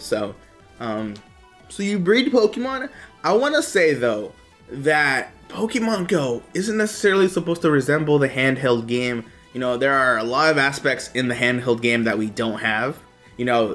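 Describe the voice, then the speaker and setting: A chatty man talks straight to his viewers in a gaming vlog, upbeat and easygoing. His pitch sits in a mid range, and he keeps wandering off into little asides. Soft music plays faintly under his voice. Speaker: gaming video host. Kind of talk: casual chat to camera.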